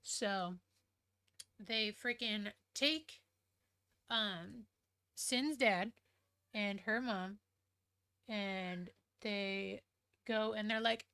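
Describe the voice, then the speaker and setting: A woman casually recapping a book she loves, rambling and excitable, with lots of fillers and the odd swear word. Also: medium pitch, drawn-out words, long pauses, clean tone. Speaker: book reviewer.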